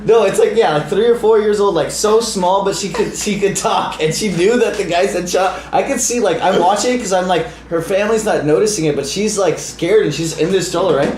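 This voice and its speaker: A man's voice: sits high, a little fast, few pauses. Roomy-sounding man telling a story. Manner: animated, swears freely, acts out people in his stories. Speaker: podcast co-host. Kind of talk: casual storytelling chat. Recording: roomy with faint noise.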